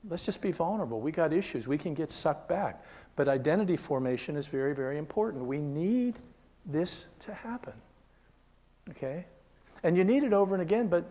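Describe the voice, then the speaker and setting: Earnest older man teaching a seminar. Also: fairly high pitch. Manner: earnest, checks in with listeners often; drops to a hushed whisper when telling stories. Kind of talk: conversational sermon teaching.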